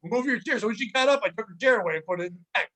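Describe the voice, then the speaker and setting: High-pitched guy with a bright voice going off on long funny work stories. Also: very fast. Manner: rambling storyteller, animated retellings. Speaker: podcast host. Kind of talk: casual comedic chat.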